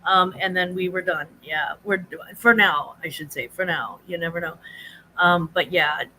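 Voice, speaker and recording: A woman hosting a casual live chat, rambling easily and greeting her viewers in a high sing-song. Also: normal speed, bright, forceful tone, a little hiss or hum, low-quality recording. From United States. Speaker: livestream host.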